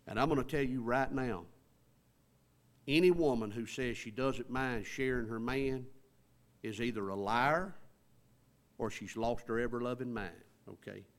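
A man preaching a sermon. He talks in a folksy, conversational way and draws out words for emphasis. His voice sits in an ordinary middle pitch. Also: unhurried, long pauses.

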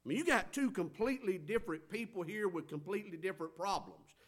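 A man preaching a sermon, swinging between loud stressed phrases and quiet drawn-out words. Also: high voice, expressive.

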